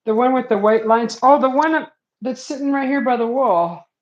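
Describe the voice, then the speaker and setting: A woman's voice: fairly high pitch, moderate pace, roomy sound, lo-fi sound. A woman hosting a casual art livestream, hesitant and self-deprecating, chuckling often.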